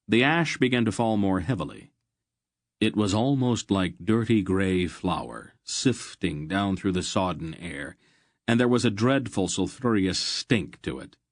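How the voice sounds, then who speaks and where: A man reading a fantasy audiobook in a measured, steady narration. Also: low voice, no room sound, studio quality.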